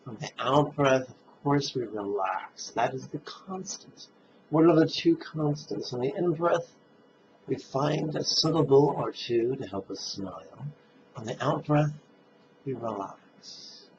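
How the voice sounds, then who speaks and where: A man leading a guided meditation, speaking calmly and drawing out his recitations. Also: medium pitch. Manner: slow, calm, drawn-out recitation. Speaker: meditation teacher. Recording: dull lo-fi sound with faint noise.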